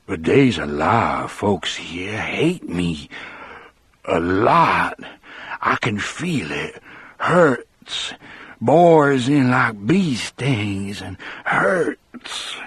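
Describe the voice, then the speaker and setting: A man voicing a huge, gentle male prisoner who is frightened and sorrowful, with speech and slow, trembling, halting words. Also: lowish voice, sing-song, breathy edge, no room sound, exaggerated voice.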